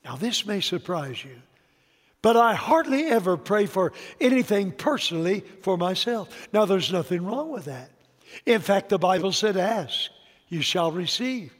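A man preaching a sermon, emphatic, swinging between loud declarations and quiet asides, with humor to his congregation. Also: sits high, big pitch swings, measured pace. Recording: long reverb of a large hall.

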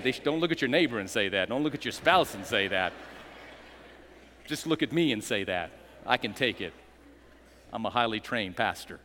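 Brief: a male pastor with a bright, forceful voice, preaching a rousing sermon with a long hall reverb. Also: medium pitch, big pitch swings, a little fast. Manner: dramatic, rousing, call-and-response with joking asides.

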